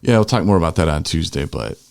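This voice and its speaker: Very deep, gravelly podcast host. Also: male voice, lively intonation, quick pace, background noise. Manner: rambling, easygoing, restarts often. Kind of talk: casual podcast chat.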